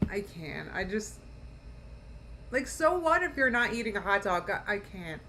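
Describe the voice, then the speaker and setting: A woman's voice: mid-range voice, very animated, unhurried, pushed and bright, a little hiss or hum. A woman streaming a live reaction, mocking what she watches, laughing often and talking to her chat. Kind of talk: casual live reaction commentary.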